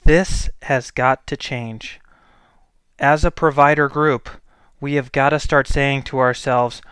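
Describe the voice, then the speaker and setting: A man's voice: medium pitch, steady tone, slow pace, fairly bright tone, smooth, dry recording, studio quality. A healthcare provider, a man, speaking in a blunt, exasperated and emphatic monologue. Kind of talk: opinion monologue.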